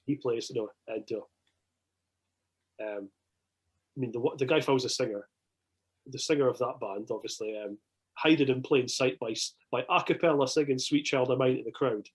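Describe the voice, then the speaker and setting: A Scottish man, a podcast guest, telling an anecdote in casual chat, excitable, swearing a lot and restarting his sentences. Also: medium pitch, normal speed, long pauses, husky, rough recording.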